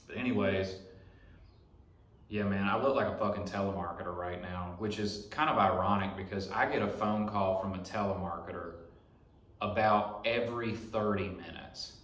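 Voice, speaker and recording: This young podcaster from Alabama has a deep, slightly bright voice and speaks at a moderate pace. Recording in his echoing garage at home, he meanders casually through a story laced with profanity.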